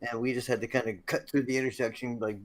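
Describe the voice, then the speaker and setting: A man's voice: mid-range voice, level tone, quick pace. A man in his fifties telling a funny road-trip story in casual chat, swearing and laughing along the way. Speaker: streamer telling stories.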